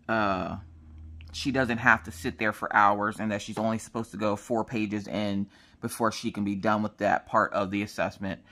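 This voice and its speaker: A woman's voice: extremely low pitch, a bit bright. Chatty woman rambling while crafting. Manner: chatty, rambling storytelling with quoted dialogue. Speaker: crafting vlogger. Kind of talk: casual chat while crafting.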